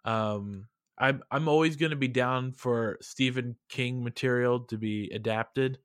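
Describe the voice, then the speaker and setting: A man of middling pitch co-hosts a podcast in casual chat. He is laid-back and a little hesitant, and his voice sounds dry and close to the mic. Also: unhurried, smooth, no echo. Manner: laid-back, hesitant, many fillers and laughs. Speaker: podcast co-host.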